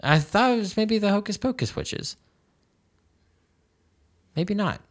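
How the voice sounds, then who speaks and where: A podcast co-host in casual chat, animated and quick to laugh. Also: mid-range voice. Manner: giggly, animated, often laughing.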